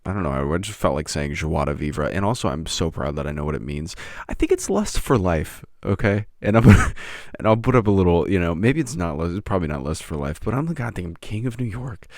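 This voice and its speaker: A man's voice: low voice, big pitch swings, fairly quick, hardly any pauses, darkish tone, no echo, clean studio sound. A man hosting a podcast, rambling, profane and self-mocking. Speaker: podcast host.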